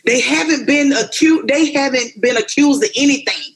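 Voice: sits high, normal speed, fairly bright tone. A podcast co-host in casual comedic chat, ranting with profanity and acting out quotes.

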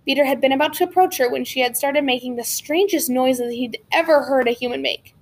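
High-voiced woman reading a novel aloud. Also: a little fast. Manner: steady storytelling with occasional slips and restarts. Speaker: audiobook narrator.

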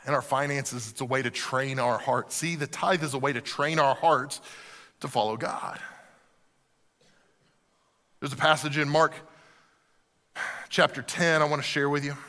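Bright-voiced preacher in a reverberant hall. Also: male voice, medium pitch, unhurried, long pauses. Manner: animated preaching, dropping to soft emphasis. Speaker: pastor. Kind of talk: sermon.

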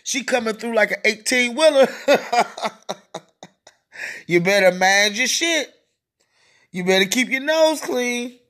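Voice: mid-range voice, expressive, takes it slowly, pauses often, a bit bright. A podcast host delivering a profane, mocking solo rant, laughing often between lines.

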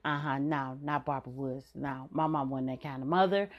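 A middle-aged woman hosts a podcast, telling candid stories bluntly with frequent swearing and laughs between points. Her low-pitched voice has fairly even intonation and a moderate pace with few pauses, and the highs are cut off.

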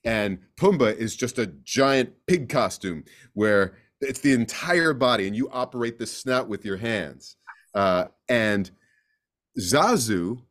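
A man speaking as a guest actor in a casual interview, an animated storyteller who slips into acting out voices. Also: medium pitch, slow.

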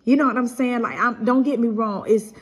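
Husky middle-aged woman, kinda high voice, earnest preachy pep talk. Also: steady tone, brisk. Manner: earnest, preacherly, repeats and restarts phrases. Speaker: podcast host giving encouragement. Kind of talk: casual devotional talk.

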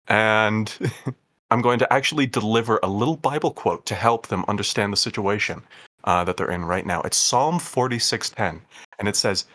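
A man's voice: medium pitch, animated, moderate pace, a bit bright. A man playing a tabletop game, hesitant and often laughing while he thinks aloud. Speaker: player.

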